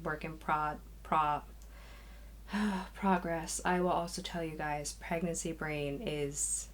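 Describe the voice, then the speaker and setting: A young woman who hosts a knitting podcast rambles casually to the camera from her craft nook, a small spare room, a little out of breath with sighs and restarts. Her voice is deep, steady and slow, and there's a little hiss or hum. She moves in and out of frame of the camera mic.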